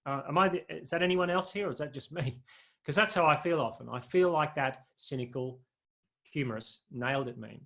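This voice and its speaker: A man's voice: fairly high pitch, fairly quick, creaky, fairly bright tone. A man preaching a sermon in a conversational, humorous way, often putting questions to his listeners.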